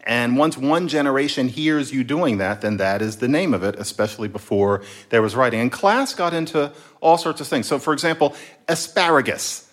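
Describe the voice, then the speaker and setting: A man, a linguist guest, explaining word histories in a playful, lively way during a casual chat. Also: mid-range voice, normal speed.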